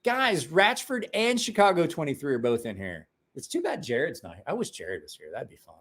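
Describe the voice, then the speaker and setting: A man's voice: fairly high pitch, sing-song, a little fast, fairly bright tone. A tired man in his forties from Ohio, hosting a late-night livestream and telling rambling, profane stories with acted-out quotes. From Ohio, USA. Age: 40s. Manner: rambling, profane, folksy storyteller who acts out quotes. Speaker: livestream host. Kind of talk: casual late-night livestream chat and storytelling.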